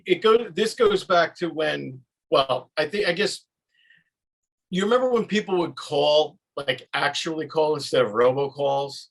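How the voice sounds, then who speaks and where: A man's voice: on the high side, unhurried, low-quality recording. A man hosting a podcast in casual chat, telling stories animatedly and swearing freely. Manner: animated storyteller, acts out voices, swears freely. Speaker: podcast host.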